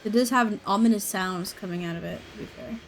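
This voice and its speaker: A woman's voice: mid-range voice, brisk, slight background noise. A woman streaming a video game who chats casually, giggles often and swears now and then. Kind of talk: casual gaming commentary.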